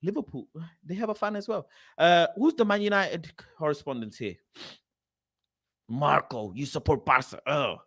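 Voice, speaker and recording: Young man, ranting football vlogger, mocking and sweary, bouncy pitch swings. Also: very animated, normal speed. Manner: exasperated, mocking, swearing outbursts; mutters while reading a screen aloud. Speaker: football channel host. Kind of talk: ranting reaction commentary.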